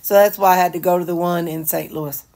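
A woman's voice: on the low side, fairly even intonation, fast, very noisy. Rambling woman. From Missouri. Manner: rambling, many fillers and asides. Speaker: vlogger. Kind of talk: casual chat to camera. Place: her home.

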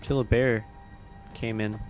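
A man's voice: fairly low pitch, little pitch movement, a little slow, a little mellow. Male let's-play commentator; casual, profane, chats with in-game characters over faint music. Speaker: gameplay commentator.

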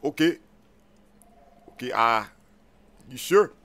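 A young man hosting an improvised game role-play, loud and excitable, talking in slang and calling out to his viewers. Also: mid-range voice, slow pace. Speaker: channel host.

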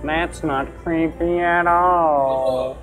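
A player doing a slow-talking starstruck nerd. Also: medium pitch, fairly even intonation, a bit bright, soft background music. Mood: gushing. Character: starstruck nerdy young fan, gushing and awkward.

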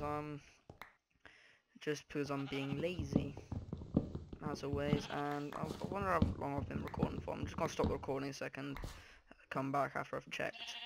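Gravelly young man muttering over gameplay. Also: a little high, flat delivery, moderate pace, pauses often. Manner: mumbling to himself while playing, trailing off. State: groggy morning voice. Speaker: gaming video host. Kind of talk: casual gameplay commentary. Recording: loud background noise over the voice.

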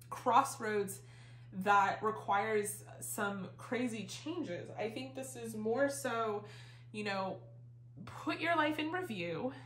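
A woman's voice: fairly high pitch, a bit bright. Chatty, slightly breathless woman reading tarot. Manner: chatty and rambling, full of fillers and casual swearing. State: a little out of breath. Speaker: tarot reader. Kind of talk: casual tarot reading to camera. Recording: roomy echo.

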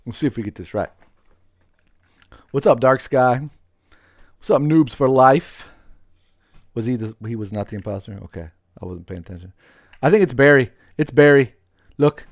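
Man, live game streamer, excitable, chatty, laughs a lot, mid-pitched voice, dry close mic. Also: normal speed, pauses often, no echo. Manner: excitable, greets viewers, laughs often. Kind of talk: live gameplay commentary with viewers.

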